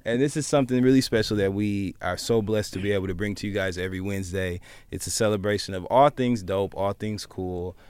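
A man co-hosting a podcast, upbeat and playful, swearing casually in relaxed chat. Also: fairly low pitch, fairly quick, hardly any pauses, clean tone. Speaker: podcast co-host.

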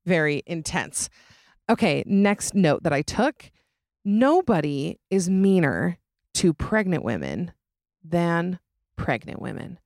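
A young woman hosts a casual podcast, talking in a chatty, dramatic way and laughing often. Her voice sits a little low. The sound is dry and close, with no room around it. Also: no room sound. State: pregnant. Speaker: podcast host. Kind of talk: casual chat.

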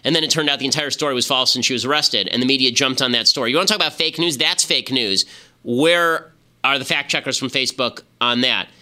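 A man hosting a political podcast, talking fast and opinionated with frequent restarts. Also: medium pitch, sharp tone. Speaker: podcast host. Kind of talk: political commentary.

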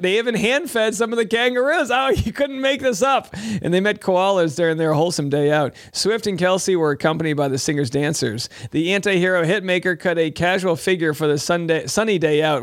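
A man's voice: on the high side, no room sound, studio quality. Wry man hosting a talk show. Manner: wry, jokey, mocking asides. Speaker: show host. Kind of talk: casual commentary reading news articles.

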